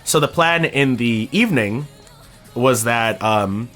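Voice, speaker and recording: With soft music playing in the background, this young man from Canada slowly recounts a story to his stream chat. His delivery is animated, sprinkled with casual swearing, and he performs quoted lines with sharp pitch leaps.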